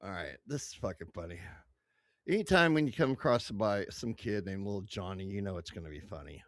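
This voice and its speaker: A man's voice: lowish voice, animated, fast talker, no room sound, studio quality. A man casually reacting to online clips, crude, profane and blunt. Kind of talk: casual reaction stream commentary.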